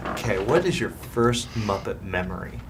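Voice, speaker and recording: An entertainment interviewer asking questions at a casual press junket, enthusiastic and quick to laugh. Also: sits low, noisy background. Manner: enthusiastic, giggly, lively questions.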